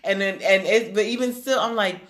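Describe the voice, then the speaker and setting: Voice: mid-range voice, normal speed. A parent chatting casually about their kids' bedtime. The parent tells stories with lots of laughter and keeps dropping "like" between phrases. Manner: animated, peppered with "like", laughing storyteller. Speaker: parent sharing bedtime struggles. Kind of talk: casual chat. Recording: roomy echo.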